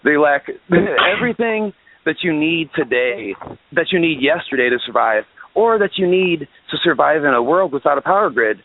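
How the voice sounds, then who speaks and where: A man's voice: a little high, lively intonation, moderate pace. Man, guest musician, phone-in interview, ranting, profane, restarts sentences, narrow tinny phone sound.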